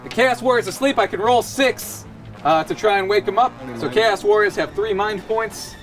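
A man's voice: sits high, moderate pace, over music. A young man acting as game master, narrating a tabletop board game in a playful, jokey way.

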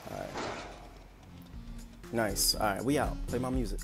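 A man's voice: on the low side, wildly swooping pitch, a little slow, gravelly, music in the background. A man streaming a video game, repeating short phrases to himself as he plays. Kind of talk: casual gameplay commentary.

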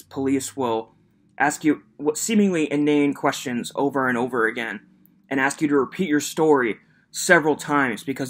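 A commentary host reacting to a video clip, sarcastic, mocking and incredulous, quick to laugh. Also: mid-range voice.

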